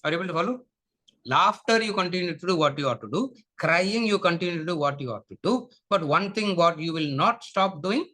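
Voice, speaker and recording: A man's voice: high voice, bright, forceful tone. A man with a Tamil English accent teaching a spiritual lecture class, repeating his points and often asking the class whether they follow, slipping Tamil phrases into his English. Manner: repetitive, questioning, mixes Tamil into English.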